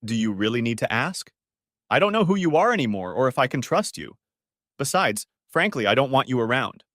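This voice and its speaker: A man's voice: medium pitch, very animated, brisk, fairly bright tone, no echo. A man voicing a betrayed husband who speaks in a caustic, commanding tone. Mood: curt. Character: betrayed husband, cold and controlled, flaring angry.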